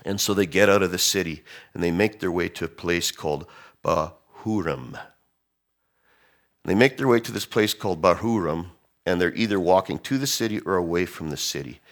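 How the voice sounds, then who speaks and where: A man preaching a sermon, animated, swinging from loud emphasis to hushed tones as he acts out quotes. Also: deep voice, moderate pace. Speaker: pastor.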